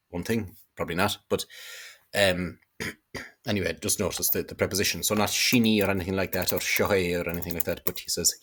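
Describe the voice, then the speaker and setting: Husky low-voiced man teaching. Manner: hesitant, many fillers, pronounces Irish words with emphasis. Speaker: Irish language teacher. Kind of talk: explanatory lesson.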